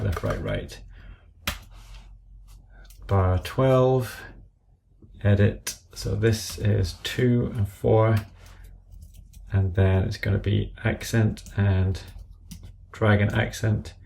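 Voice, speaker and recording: A man with a fairly low, creaky, slightly mellow voice walks viewers through entering drum notation in a music app via screen recording. He goes slowly and methodically, announcing notes and stickings and muttering corrections, amid slight background noise and the clicks of a keyboard and mouse.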